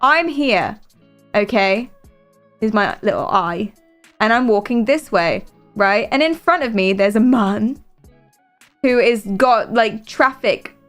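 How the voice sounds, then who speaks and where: A woman's voice: on the high side, lively intonation, takes it slowly, pauses often, fairly bright tone, faint music behind. A British woman streaming, chatting casually in a rambling, giggly and playful way. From Britain. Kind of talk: casual live-stream chat.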